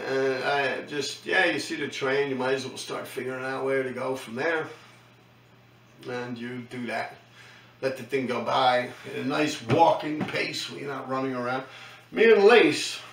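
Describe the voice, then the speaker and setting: A man's voice: medium pitch, a bit bright, roomy sound, distant mic, a little hiss or hum, rough recording. A middle-aged man with a New York accent, telling stories in a casual monologue, profane and slangy, tagging his lines with "man.". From New York City. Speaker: host recounting his graffiti days.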